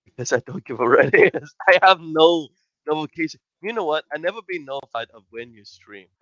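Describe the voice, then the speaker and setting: Brief: man, playful stream co-host, animated pitch, dull dry mic. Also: fairly quick, no room sound. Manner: joking, loose grammar. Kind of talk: casual stream chat.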